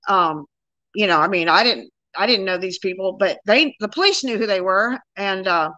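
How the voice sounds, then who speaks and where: A woman's voice: medium pitch, expressive, normal speed, sharp tone, dry recording, dull audio. A woman in her sixties, a guest plainly recounting her own experience in a casual interview.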